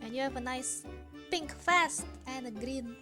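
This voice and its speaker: A woman's voice: high-pitched, a little slow. A woman streaming a game, chatting casually and giggling often. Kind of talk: casual gaming commentary. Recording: game music underneath.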